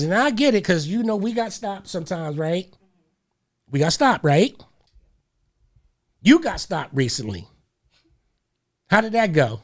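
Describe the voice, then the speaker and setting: An older man hosting a radio talk show, speaking emphatically and insistently, often talking over the others. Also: sits high. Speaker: host.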